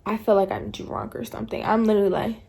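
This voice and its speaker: A woman's voice: mid-range voice, little pitch movement, quick pace, vocal fry, a little mellow. A woman vlogger telling a story in a casual, chatty way, acting out her own thoughts as she goes.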